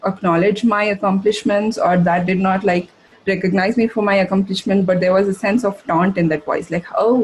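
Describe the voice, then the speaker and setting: A woman giving a masterclass, answering audience questions in a halting way, with many fillers and restarts. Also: medium pitch, a little mellow, slight background noise, low-quality recording. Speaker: masterclass speaker. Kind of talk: live webinar Q&A answers.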